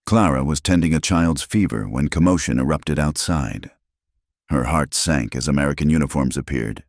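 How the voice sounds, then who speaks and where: A man reading a frontier tale as scripted narration in an even storytelling manner. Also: extremely low pitch, moderate pace, no echo, clean studio sound.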